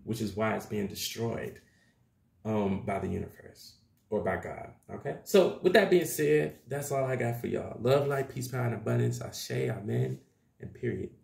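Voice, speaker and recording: This is a man with a fairly low, gravelly voice, giving a casual tarot reading to his viewers. He talks loosely and chattily, with a lot of slang and plenty of y'all. The sound is roomy, with a clear echo off the walls. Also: normal speed, a little mellow. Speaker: tarot reader. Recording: echoey room.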